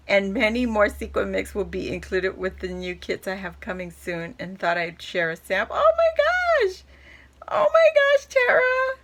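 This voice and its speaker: A woman vlogger unboxing a craft haul in casual chat, gushing and excitable, laughing often. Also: mid-range voice.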